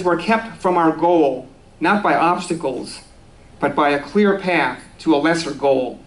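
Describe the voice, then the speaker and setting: A man's voice: a little high, poor audio. A man giving a conversational sermon at a spiritual center, easygoing and self-deprecating, with restarts and small laughs.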